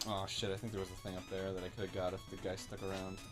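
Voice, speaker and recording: A man co-hosting a casual comedy show, reacting to stories with quick jokes and exclamations. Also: low voice, little pitch movement, music in the background. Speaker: co-host.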